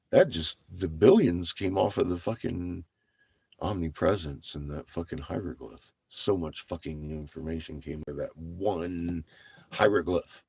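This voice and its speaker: A man's voice: lowish voice, vocal fry, darkish tone, breathy edge, dry recording. A man ranting profanely to his viewers in a rambling monologue, laughing between lines. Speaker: livestreamer.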